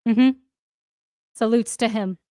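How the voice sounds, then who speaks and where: A woman co-hosting a podcast in casual chat, teasing and quick to laugh. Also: on the high side, steady tone, warm tone, no room sound, studio quality. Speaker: podcast co-host.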